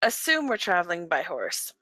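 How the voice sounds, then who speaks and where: A woman playing a tabletop game, asking brisk, direct questions in character and out. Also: fairly low pitch, big pitch swings, pushed and bright, no room sound. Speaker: player. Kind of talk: tabletop role-play.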